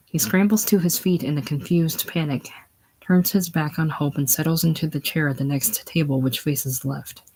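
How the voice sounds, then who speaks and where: A man reading a stage play aloud, calmly narrating the stage directions. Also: fairly high pitch, normal speed, rough recording. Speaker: reader.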